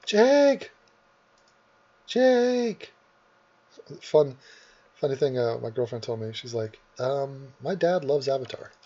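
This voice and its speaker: A man's voice: medium pitch, moderate pace, few pauses, dark tone, highs cut off. A man rambling and swearing in casual commentary as he edits a video, with many asides. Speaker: YouTuber. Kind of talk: casual commentary while editing. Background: keyboard typing.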